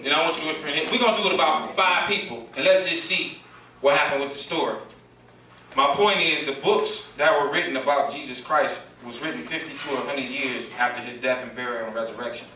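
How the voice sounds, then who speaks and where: Bright-voiced man lecturing a crowd. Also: medium pitch, a little fast. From Detroit, USA. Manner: preachy call-and-response, questions the crowd, playful. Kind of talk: live lecture to an audience. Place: room with a live audience. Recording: echoey room, distant mic, faint noise.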